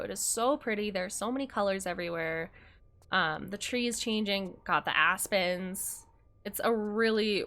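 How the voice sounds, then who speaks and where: A woman's voice: medium pitch, fairly bright tone. A young woman streaming a game, chatting casually with viewers, bubbly and swearing freely as she plays. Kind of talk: casual livestream chat while playing.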